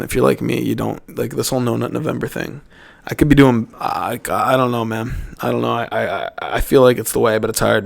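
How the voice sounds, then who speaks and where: With a medium-pitched voice and a lot of vocal fry, this young man from Canada runs a loose solo podcast. His talk is profane and meandering, and he keeps interrupting himself to restart.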